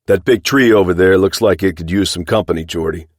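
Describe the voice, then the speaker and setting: A man voicing a blunt, menacing ranch hand who calls out loud reports with grim humor. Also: low-pitched, brisk, no echo, studio quality.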